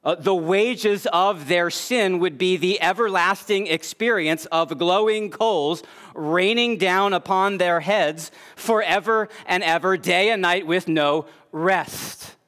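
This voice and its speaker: A man preaching a sermon as pastor, earnest, rising to emphatic peaks and then dropping soft and low. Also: slow pace.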